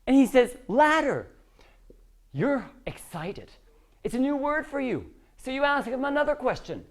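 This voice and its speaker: A woman teaches an English class, animatedly acting out short dialogues with lots of emphasis. Her voice is high and her pace measured.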